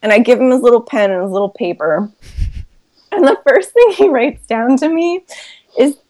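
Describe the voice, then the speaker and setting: A woman with a fairly high, very lively voice tells a story on a casual podcast. She is animated and laughs often. Her pitch swings widely from line to line. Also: moderate pace. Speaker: guest storyteller.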